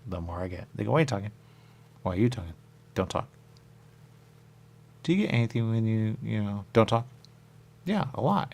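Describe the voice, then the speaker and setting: A man with a very low voice and a rough, gravelly fry, hosting a radio show. He rambles in loose circles, comes back again and again to a pet phrase, and jumps into squeaky high voices when he quotes others. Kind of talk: rambling spiritual monologue. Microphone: radio studio mic.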